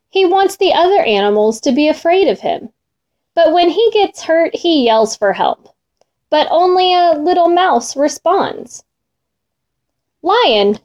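A woman reading a children's storybook aloud in an expressive, sing-song manner. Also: high voice.

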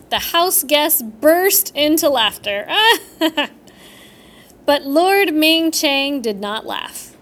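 A woman reading a folktale aloud as storybook narration, slow and expressive. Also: high voice.

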